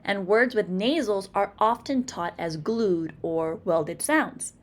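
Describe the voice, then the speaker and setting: A woman with a Massachusetts accent teaching a phonics lesson, carefully sounding out example words one by one. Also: medium pitch. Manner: slow, deliberate, over-articulating example words.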